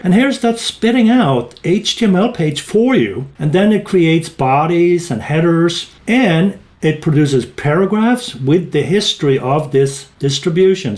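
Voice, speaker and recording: A man narrating a casual screen-recorded software walkthrough, thinking aloud as he goes, with small restarts. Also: a little high. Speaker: tech tutorial presenter.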